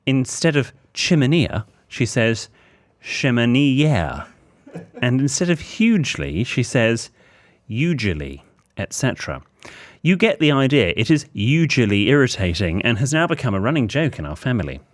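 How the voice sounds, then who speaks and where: A man's voice: mid-range voice, very animated, normal speed. A man co-hosting a podcast, teasing in a dry, arch way and reading out a listener's letter. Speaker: podcast co-host.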